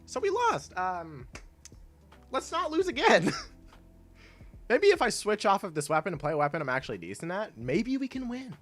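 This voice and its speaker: A man's voice: high-pitched, huge pitch swings, moderate pace, pauses often, a bit bright, faint music behind. A young man chatting casually while streaming a video game, rambling with lots of fillers and laughing often. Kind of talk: casual gameplay stream chat.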